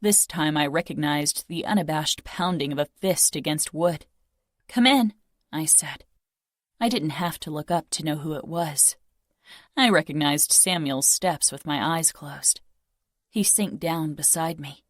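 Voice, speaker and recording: A young woman narrating a romance audiobook in first person, soft, intimate and measured. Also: low-pitched, no echo, studio quality.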